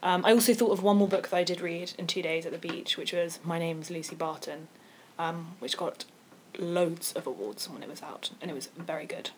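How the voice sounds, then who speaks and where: Woman co-host, lowish voice, enthusiastic and emphatic, faint background noise. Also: brisk, few pauses. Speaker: podcast co-host. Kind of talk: casual chat.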